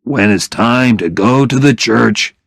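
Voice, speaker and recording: A man reading aloud and voicing a friendly older father who speaks plainly and warmly, in slow, gravelly tones. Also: medium pitch, dry recording, clean studio sound. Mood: earnest. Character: warm, friendly older working-class father.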